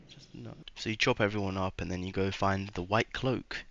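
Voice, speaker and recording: A man's voice: low-pitched, steady tone, fairly quick, vocal fry, fairly bright tone, dry recording, muffled recording. A man doing a casual, rambling voice-over commentary on a video game, sarcastic and trailing off into mumbles at times.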